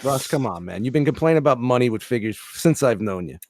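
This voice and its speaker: A man co-hosting a toy collector stream, casual and profane, quick to joke and read out chat comments. His voice sits at an ordinary middle pitch. The sound is dry and close, with no room echo. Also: lively intonation, a little mellow. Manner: profane, joking, reads viewer comments aloud. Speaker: co-host of a toy collector show.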